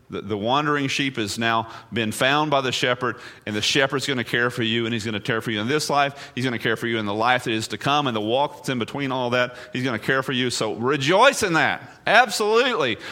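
A man, a pastor, preaching a sermon full of rhetorical questions, swinging between hushed, low passages and emphatic, raised ones.

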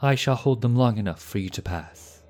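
A man voicing a solemn, resolute male knight who speaks in a grave, measured way. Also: fairly low pitch, very animated, a little mellow, pitched above the performer's own voice. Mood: commanding.

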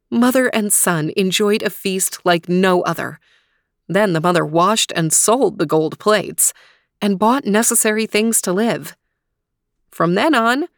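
A woman hosting a storytelling podcast, reading a tale slowly and expressively. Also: medium pitch, dry recording, clean studio sound. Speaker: storyteller host.

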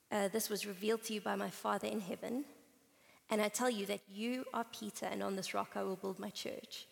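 A woman's voice: medium pitch, vocal fry. Woman preaching in a reverberant hall. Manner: conversational, storytelling with playful asides. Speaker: conference speaker. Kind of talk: sermon with Bible reading. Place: conference hall.

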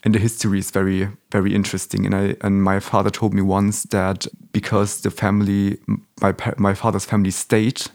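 A man's voice: on the low side, completely flat delivery, fairly quick, darkish tone. A young man born in Germany, talking as an interview guest in a casual, hesitant way, often restarting and searching for words.

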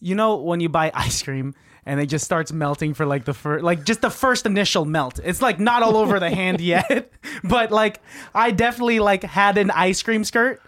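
A man's voice: high voice, normal speed, fairly bright tone. Rambling man in casual podcast chat. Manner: rambling, lots of "like" fillers, self-mocking. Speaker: podcast co-host. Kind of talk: casual banter.

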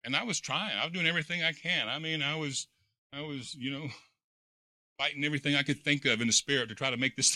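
A man, a pastor, preaching a sermon in a folksy storytelling way, full of repeated words and fillers, moving between quiet reflection and loud, excited preaching. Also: medium pitch, dry recording, studio quality.

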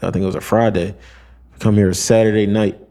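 A man's voice: on the low side, little pitch movement, brisk, warm tone. A young man on a podcast, telling a long story in casual slang, acting out quotes and using lots of fillers. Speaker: podcast co-host.

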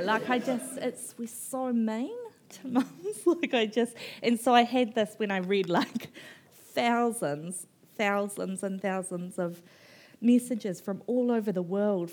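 A woman, an author telling her story on stage at a book festival, frank and animated, swearing casually and laughing often. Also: medium pitch, measured pace. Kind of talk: candid conversational storytelling.

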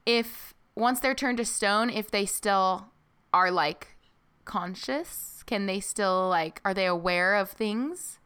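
Bright, crisp young woman musing aloud. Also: medium pitch, takes it slowly. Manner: chatty, musing aloud, laughs along. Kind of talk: casual book-club chat.

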